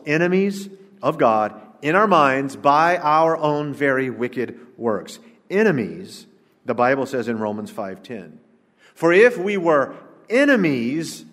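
A man, preaching an emphatic, rhetorical sermon to a congregation, swinging between loud declarations and low asides. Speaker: pastor. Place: church sanctuary, preaching to a congregation. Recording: long church-hall reverb.

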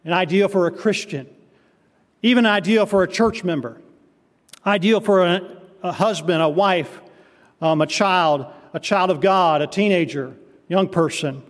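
A man's voice: high-pitched, a little slow, in a large hall. A male pastor preaching an evening sermon, asking the congregation rhetorical questions as he reads and explains scripture.

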